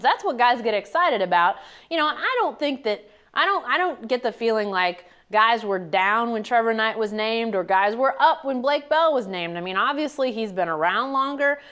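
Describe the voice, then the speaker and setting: A woman's voice: on the high side, fairly bright tone. A woman co-hosting a casual sports talk show, reading listener questions and answering in a conversational way.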